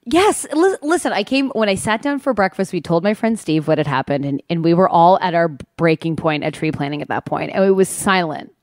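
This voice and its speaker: A woman's voice: fairly low pitch, animated, brisk, hardly any pauses, no echo, clean studio sound. A woman co-hosting a podcast, chatting casually and telling candid, joking stories. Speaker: podcast co-host. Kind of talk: casual chat.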